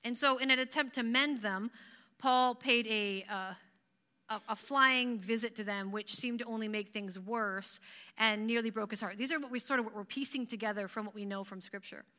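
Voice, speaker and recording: A Canadian woman preaching a sermon to her church, chatty and animated and often laughing. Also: fairly high pitch, normal speed. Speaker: pastor.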